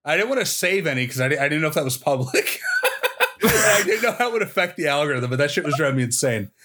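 Rambling young man, high-voiced podcast host. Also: lively intonation, quick pace, sharp tone. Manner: rambling, laughing, swears freely. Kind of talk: casual chat.

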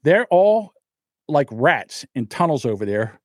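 A man's voice: on the high side, big pitch swings, unhurried, no room sound, studio quality. A man co-hosting a podcast, ranting heatedly and swearing often in casual chat. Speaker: podcast co-host.

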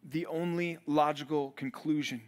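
Pastor, male, higher-pitched, animated sermon delivery with acted-out voices. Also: moderate pace. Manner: animated, acts out quoted voices.

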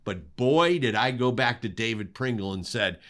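A man co-hosting a podcast, telling a work story in an animated way and acting out the sounds. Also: mid-range voice, moderate pace. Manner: animated, makes sound effects while telling stories. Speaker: co-host, cinematographer. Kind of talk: casual storytelling.

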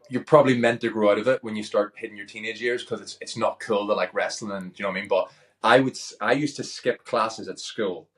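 A Northern Irish man chatting easily as an interview guest, relaxed and full of casual fillers. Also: lowish voice. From Northern Ireland. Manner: easygoing, chatty, frequent "like" fillers. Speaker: guest, pro wrestler.

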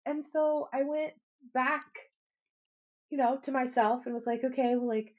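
A woman's voice: sits high, steady tone, measured pace, highs cut off. A woman in her forties telling a personal story in a casual interview, acting out the lines of her family and getting emotional as she goes. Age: 40s. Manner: emotional storyteller, acts out dialogue. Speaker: podcast guest.

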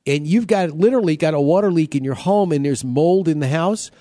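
A man's voice: fairly high pitch, fairly quick, mellow, dry recording, studio quality. A man hosting a home-repair radio show, talking casually, repeating himself and cracking jokes. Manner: chatty, repeats himself, joking.

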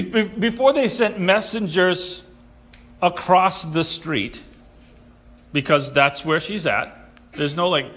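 A man preaching a sermon, animated and sarcastic, who acts out the people he quotes. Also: a little high. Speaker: pastor.

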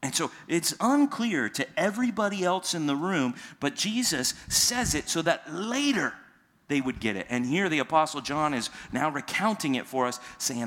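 Guy preaching a sermon, kinda high voice, chatty, keeps asking the room questions. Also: big pitch swings, moderate pace, a bit bright. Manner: conversational, asks listeners rhetorical questions; acts out quoted lines in casual modern speech. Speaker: pastor.

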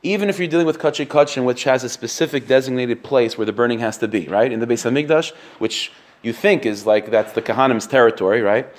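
A man's voice: mid-range voice, fast talker. A man teaching a text-based lesson, reading sources aloud, translating them and repeating key phrases as he explains. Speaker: Talmud teacher.

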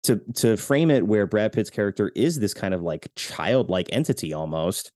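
A man hosts a casual movie podcast, talking in a low, warm, mellow voice that sits close and dry on the mic. He is lively and laughs easily, and slips into acted voices when quoting scenes. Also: normal speed, dry recording. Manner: animated, laughs often, acts out quotes. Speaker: podcast host. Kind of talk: casual film discussion.

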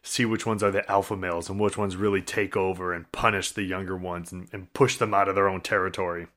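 A man with a fairly low voice, bantering casually with a friend. He backs up stories with quick agreements and adds dry, joking asides of his own. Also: fairly even intonation, fairly bright tone. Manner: wry, chimes in with short agreements and jokes. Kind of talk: casual chat.

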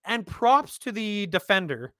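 A man's voice: sits high, a little slow, no echo. A man co-hosting a casual sports podcast, talking bluntly and with swearing. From Canada. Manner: animated, blunt, swears freely. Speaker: podcast co-host.

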